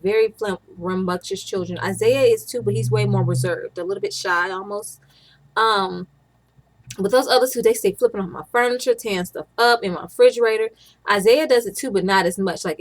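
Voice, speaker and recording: Young woman, casual vlogger, chatty and meandering, mid-range voice. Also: medium pitch. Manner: chatty, rambling, with frequent restarts and laughs. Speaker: stay-at-home mom vlogger. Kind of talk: casual chat to camera.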